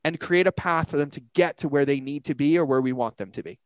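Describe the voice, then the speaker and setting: A man talking as a business coach in a casual, animated way, full of slang and acted-out quotes. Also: fairly high pitch, quick pace, no room sound.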